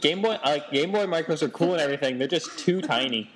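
A man's voice: a little high, quick pace, a crowd in the background. A young man with a cold and a stuffy nose, bantering dryly in a casual chat among friends.

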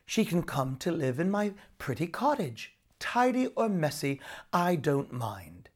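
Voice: medium pitch, big pitch swings, unhurried. A storyteller voicing a bold, cheerful young woodsman who declares and teases heartily in a storybook reading. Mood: hearty.

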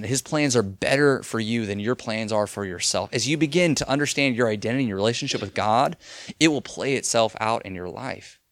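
A man's voice: lowish voice, a bit bright, dry recording, clean studio sound. A young man preaching a sermon in an earnest, conversational way, often restarting his sentences. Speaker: pastor.

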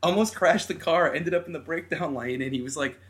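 A man's voice: a little high, fairly quick. A man co-hosting a podcast, telling a story in casual chat, acting out voices and laughing as he goes. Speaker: podcast co-host.

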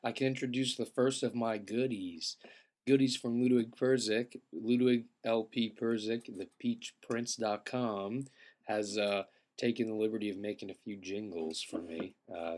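A young man who feels sick, telling a rambling, profane comedic story and often clearing his throat. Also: on the low side, fairly even intonation, normal speed, darkish tone. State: feeling sick. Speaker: podcast host.

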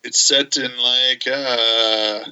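A man co-hosting a casual podcast, talking in halting, stop-start phrases and speaking about things he loves with enthusiasm. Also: mid-range voice, fairly even intonation, bright, forceful tone, clean tone, highs cut off. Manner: halting, many fillers and restarts, enthusiastic. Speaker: podcast co-host. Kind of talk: casual chat.

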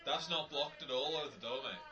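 A man's voice: a little high, a little fast, sharp tone, lo-fi sound. A man chatting casually with friends while watching a film, joking and exclaiming. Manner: jokey, exclaiming, swearing. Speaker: movie watcher. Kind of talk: casual group chat reacting to a film. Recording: roomy sound, voice from far off, crowd noise.

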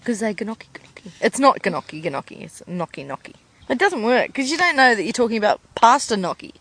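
A woman's voice: on the high side, animated, fast, a bit bright. Giggly Australian woman podcaster. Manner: giggly, rambling joke-teller. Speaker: podcast co-host. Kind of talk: casual chat.

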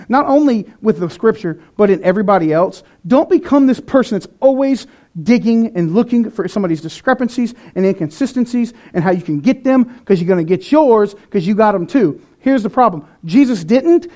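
A man's voice: high voice, darkish tone. A man preaching a sermon in an earnest, conversational way, with some restarts. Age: adult, past eighteen.

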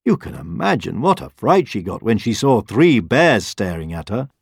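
A man narrating a children's story in a slow, very expressive voice. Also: lowish voice, vocal fry, husky, dry recording, clean studio sound. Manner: slow and very expressive, rising and falling.

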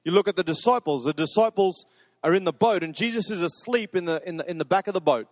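Male pastor, fairly high voice, emphatic sermon delivery, long reverb tail. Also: quick pace, darkish tone, clean studio sound. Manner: earnest, emphatic, repeats phrases for stress.

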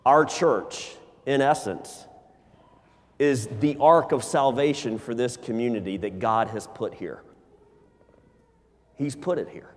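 A male pastor preaching a sermon in a church, telling stories with animated delivery. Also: mid-range voice, slow pace, long pauses. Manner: animated storyteller, acts out scenes. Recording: long hall reverb.

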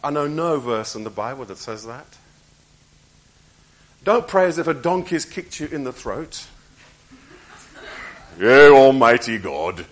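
A man preaching a sermon, moving between raised emphatic lines and hushed, quiet passages and repeating key phrases. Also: fairly high pitch, moderate pace, long pauses, low-quality recording.

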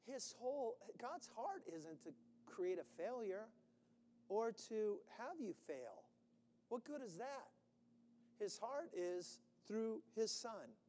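High-voiced man preaching in an echoey hall. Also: slow pace, a little hiss or hum. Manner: animated, acting out anxious voices with sudden shouts. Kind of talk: sermon.

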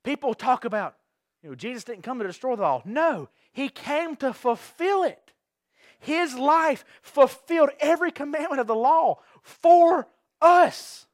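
In a church sanctuary, a pastor delivers an evening sermon to his congregation. His voice is very high-pitched and expressive, and he takes his time, earnestly repeating and restarting phrases while posing questions to his listeners. The recording is dry and of studio quality.

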